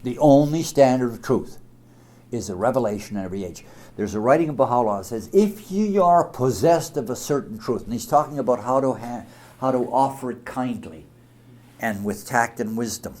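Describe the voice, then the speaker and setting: A man giving a religious talk to an audience, speaking emphatically, with big swings in loudness. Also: medium pitch, lively intonation, normal speed.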